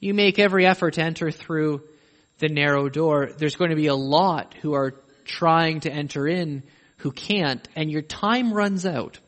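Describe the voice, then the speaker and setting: A man's voice: on the high side, measured pace, a bit bright. A man preaching a sermon, emphatic and pressing questions on his listeners. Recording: echoey hall with long reverb.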